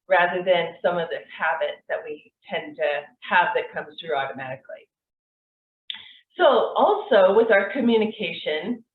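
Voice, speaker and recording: A woman gives a relaxed, conversational lesson, explaining ideas with frequent fillers. Her voice sits at an ordinary middle pitch for a woman. It comes through thin and tinny, like a phone line, from some distance in an echoey room. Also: slight background noise. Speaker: NLP course instructor. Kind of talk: online course lecture.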